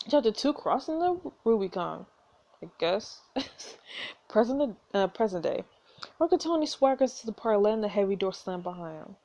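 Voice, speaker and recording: A woman's voice: medium pitch, sing-song, unhurried, pauses often, warm tone. A woman hosting a gameplay video, reading a story game's narration aloud with giggly, chatty asides. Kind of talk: casual gameplay commentary with narration.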